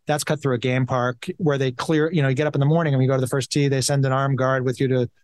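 A man telling golf travel anecdotes in a casual interview, rambling and animated. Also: mid-range voice, fast talker, no echo, clean studio sound. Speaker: golf writer guest.

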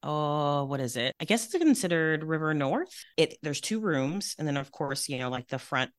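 A woman's voice: deep voice, expressive, normal speed, dry recording, studio quality. A middle-aged woman co-hosting a podcast, chatting casually and rambling with plenty of swearing. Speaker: podcast co-host. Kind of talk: casual chat.

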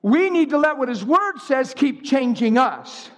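A man preaching a sermon in an animated way, swinging from high shouts down to low storytelling. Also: a little slow. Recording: long hall reverb.

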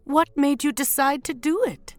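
A woman voicing a proud, gentle queen mother who reassures her daughter. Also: sits high, moderate pace, dry recording, soft background music, pitched above the performer's own voice, lightly acted.

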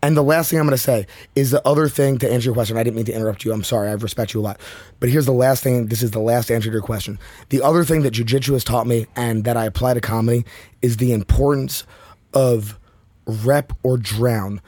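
A man talks with restless high energy and drives his points home with swearing. His voice sits in a middle pitch and sounds close and dry, with no room around it. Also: fast, a little mellow, no room sound. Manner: high-energy, profane, emphatic. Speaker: comedian guest. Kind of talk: casual podcast chat.

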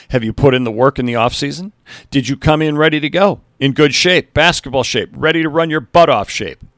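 A man voicing a passionate high school basketball coach giving an earnest, rousing pep talk to his team. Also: fairly bright tone, dry recording, clean studio sound.

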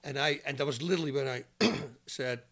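A man as a podcast guest, telling lively anecdotes and laughing through his own stories. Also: medium pitch, brisk, gravelly. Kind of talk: animated storytelling.

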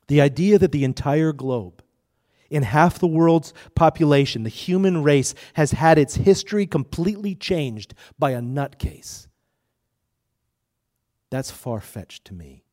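A male pastor delivers a sermon to his congregation. His voice sits high for a man. He presses his points with emphatic rhetorical questions. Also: a little mellow.

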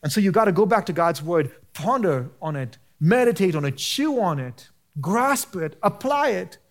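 A man preaching a sermon as a pastor, impassioned and rising to near shouting, with casual slang mixed into his preaching. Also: fairly high pitch, lively intonation, normal speed. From United States.

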